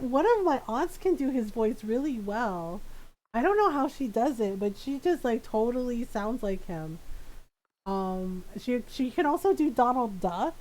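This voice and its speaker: A young woman streams a game and chats as she plays. Her voice sits a little high, and she talks at an easy, unhurried pace. She rambles and thinks out loud, and she laughs often. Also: rough recording. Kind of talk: casual gameplay chat.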